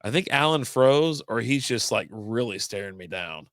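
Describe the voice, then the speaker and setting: A man in a relaxed podcast chat. He rambles, curses casually and loses his train of thought easily. His voice is average in pitch, and the dry recording has no room echo. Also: moderate pace. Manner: loose, rambling, swears and laughs often. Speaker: podcast co-host.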